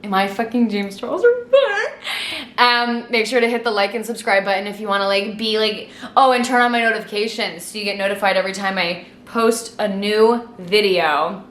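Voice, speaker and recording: A young woman in her twenties telling a storytime vlog in a chatty, sweary, animated way, a little tipsy from wine. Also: medium pitch, a little fast, few pauses, echoey room. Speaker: vlogger. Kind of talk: casual storytime monologue.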